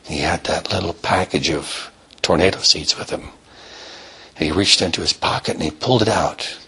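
Low husky man telling a slow story. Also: pushed and bright. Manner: slow, repetitive, drawn-out storytelling. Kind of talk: told bedtime-style story.

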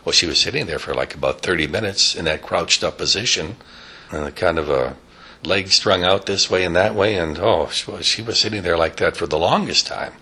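A man telling a rambling, improvised story, animated, with sound effects and casual asides. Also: low-pitched, brisk, breathy edge.

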